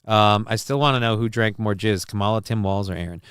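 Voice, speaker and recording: A man's voice: fairly low pitch, fairly quick, a bit bright, clean tone, dry recording, studio quality. A man hosting a casual live stream, reading chat messages and answering them in a defensive, rambling way, swearing casually, with a voice that cracks at times. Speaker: livestream host reading chat.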